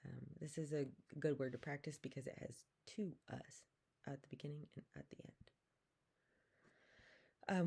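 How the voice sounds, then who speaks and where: A woman teaching a language lesson, saying each vowel slowly and repeating words for the listener to copy. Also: low voice, warm tone. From Pacific Northwest, Coast Salish community. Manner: slow and careful, repeats each sound, drawn-out demonstrations. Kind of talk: slow, patient vowel lesson with call-and-repeat.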